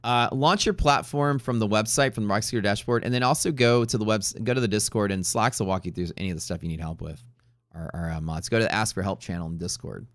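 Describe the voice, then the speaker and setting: Low-voiced man rambling on a stream. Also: fast talker, dry recording. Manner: rambling, profane, joking asides. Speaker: livestream trading host. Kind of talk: casual chat on a live stream.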